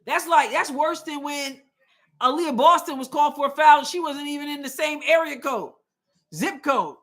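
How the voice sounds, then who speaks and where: Her voice is high-pitched and fairly bright, moving at a normal speed. Hosting a live basketball watch party, she reacts to each moment emotionally, with exclamations and indignant complaints about calls.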